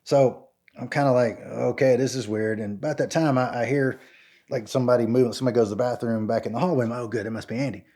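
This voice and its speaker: A middle-aged man from Georgia telling a personal anecdote casually, acting out dialogue with jumps in his voice and lots of "like" and restarts. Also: fast. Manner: animated, acts out both sides of dialogue with pitch jumps; frequent "like" and stammered restarts. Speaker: storyteller guest.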